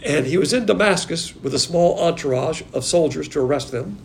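A man preaching in a lively, conversational way, his voice pitched a little high and swinging up and down as he presses each point. A faint hiss and low rumble sit under the recording. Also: brisk, gravelly. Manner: animated, emphatic, conversational, with frequent laughs. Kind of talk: sermon.

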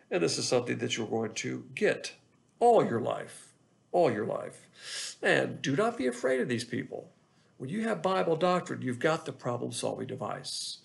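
A man, teaching the Bible in a measured sermon and often repeating his phrases. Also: mid-range voice, creaky. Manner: measured, repetitive teaching delivery.

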